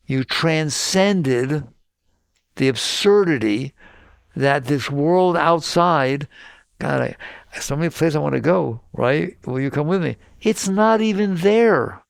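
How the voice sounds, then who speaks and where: An older man giving an informal spiritual talk to a group, asking questions and answering them himself in a lively conversational way. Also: fairly high pitch, vocal fry, dry recording. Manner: animated, conversational, asks and answers his own questions. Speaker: spiritual teacher.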